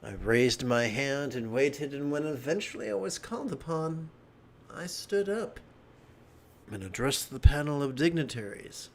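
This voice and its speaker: A man's voice: medium pitch, expressive, measured pace, a little hiss or hum. A middle-aged man giving a livestreamed meditation talk, a wry, joking storyteller. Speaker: meditation teacher.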